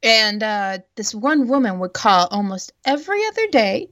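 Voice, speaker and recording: Blunt, profane young woman, lively voice. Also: a little high. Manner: blunt, profane, quick to laugh. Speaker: former craft store worker. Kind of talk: casual chat.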